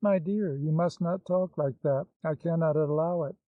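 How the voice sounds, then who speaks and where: A man's voice: a little high, moderate pace, no room sound, close to an everyday voice. A man reading the part of an anxious, devoted older woman with a pleading, fretful manner, in a dull, dry recording.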